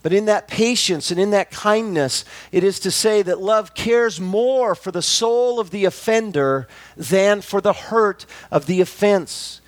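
Emphatic high-voiced male preacher, dry sound. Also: dry recording. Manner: measured, emphatic repetition, slows for key phrases. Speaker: pastor. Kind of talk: sermon.

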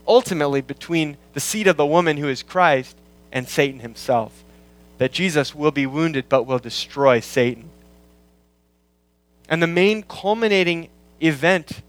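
A pastor working through a scripture passage in a sermon, explaining word meanings and repeating key lines for emphasis. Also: male voice, a little high, low-quality recording. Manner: quotes scripture in slowed, weighty tones. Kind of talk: expository sermon.

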